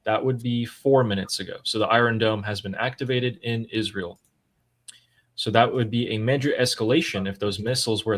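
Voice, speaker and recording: A man's voice: lowish voice, a bit bright. A man hosting a live news analysis stream, explaining breaking events in a matter-of-fact way. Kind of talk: casual live news commentary.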